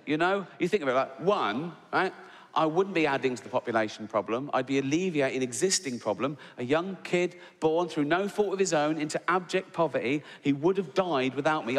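A man doing a stand-up comedy set, crude and sardonic, acting out little scenes as he goes. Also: on the high side. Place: large theater with live audience. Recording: long hall reverb with loud audience laughter.

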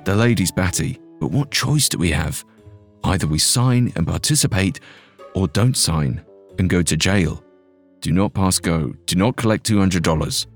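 Guy voicing a fed-up young man, low, wry, audio drama. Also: lively intonation, moderate pace, faint music behind. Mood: resigned. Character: resigned young man, a twin, wry and practical. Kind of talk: scripted audio drama narration.

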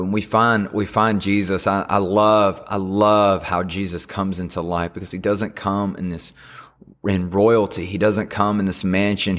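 A young man with a lowish voice gives an earnest Christmas devotional on his podcast. He talks haltingly, restarting phrases often, and closes in prayer. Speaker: podcast host.

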